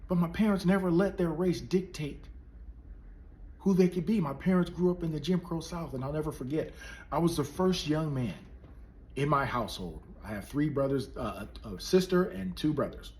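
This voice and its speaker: Impassioned man swinging loud to whisper. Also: medium pitch. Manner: swings from loud emphatic outbursts to hushed near-whispers. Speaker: police officer and public speaker. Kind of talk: impassioned motivational speech.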